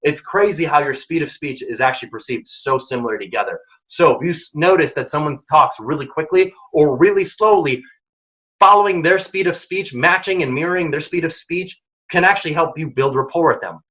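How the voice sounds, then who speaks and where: Bright-voiced man giving emphatic career advice. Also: a little high, animated, a little fast, muffled recording. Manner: emphatic, direct coaching tone. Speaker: workshop speaker. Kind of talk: career advice workshop talk.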